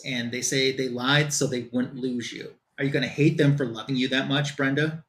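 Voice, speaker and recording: A man's voice: mid-range voice, steady tone, normal speed, few pauses, a bit bright. A man on a comic book show, casually recapping a plot in loose quoted dialogue with lots of fillers.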